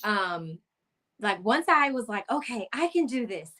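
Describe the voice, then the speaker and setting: A woman's voice: fairly high pitch, unhurried. A woman health coach telling a personal story casually and acting out the dialogue. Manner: animated, acts out quoted dialogue.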